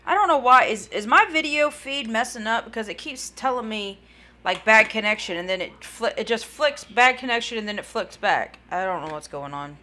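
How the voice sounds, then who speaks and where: A woman's voice: a little high, animated, normal speed, bright, forceful tone, slight background noise. A woman chatting casually on a live stream, tired and yawning, rambling and talking to chat viewers by name.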